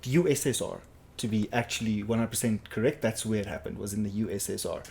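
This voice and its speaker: A man's voice: fairly low pitch, quick pace, gravelly, a little mellow, a little hiss or hum. A young man from South Africa, co-hosting a casual chat show, giving firm opinions with many restarts and hesitations. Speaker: podcast co-host.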